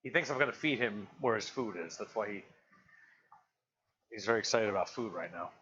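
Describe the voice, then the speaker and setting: Laid-back man chatting while he cooks. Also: fairly quick. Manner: relaxed, chatty, coaxing his dog in a higher sing-song voice. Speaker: cooking stream host. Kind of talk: casual live-stream chat while cooking. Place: home kitchen. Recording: slightly dull lo-fi stream audio with faint noise.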